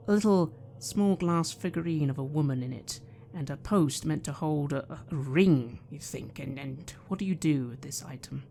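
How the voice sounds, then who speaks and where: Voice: medium pitch, gravelly, warm tone, a little hiss or hum. A game master narrating scenes and asking players what they do. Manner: descriptive, measured narration.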